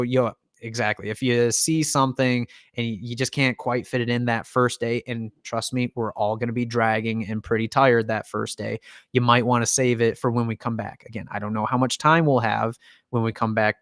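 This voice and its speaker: A man's voice: medium pitch, fairly even intonation, a little fast, no echo, clean studio sound. A man hosting a casual livestream Q&A, chatty, laughing often and reading viewer comments aloud. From United States. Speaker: livestream host, band member.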